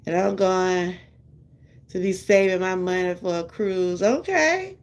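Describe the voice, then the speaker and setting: A woman's voice: fairly low pitch, unhurried. An older woman with a Southern US accent, chatting casually with her live viewers and laughing often. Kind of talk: casual live-stream chat.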